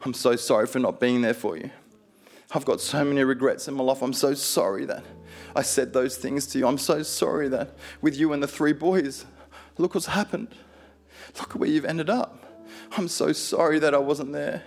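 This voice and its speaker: A man's voice: mid-range voice, normal speed, creaky, soft background music. Man playing a remorseful dying older father. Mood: remorseful, tender. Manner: soft, broken, repetitive apologies.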